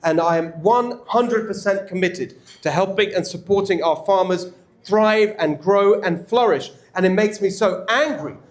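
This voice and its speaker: A political candidate with an English accent and a high voice answers audience questions at a club event. He is emphatic and energetic, restarting quickly, in an echoey indoor event room full of listeners.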